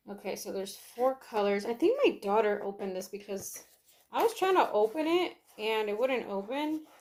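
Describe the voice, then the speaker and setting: A chatty young woman talks to her viewers from her nail table at home, thinking out loud and often correcting herself mid-sentence. Her voice sits a little high for a woman. A faint hiss of noise runs under the recording, with clicks and the crinkle of packaging. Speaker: nail vlogger. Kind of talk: casual unedited chat while doing her nails.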